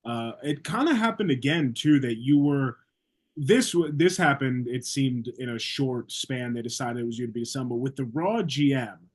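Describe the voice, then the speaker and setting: A man's voice: mid-range voice, animated, moderate pace, husky. A man hosting a casual podcast interview, asking encouraging follow-up questions. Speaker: podcast host.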